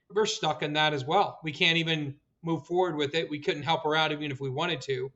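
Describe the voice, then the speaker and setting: Higher-voiced man hosting a podcast, dull audio. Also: steady tone, brisk, hardly any pauses, fairly bright tone. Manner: earnest, agreeable, chimes in often. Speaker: podcast host. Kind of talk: casual podcast conversation.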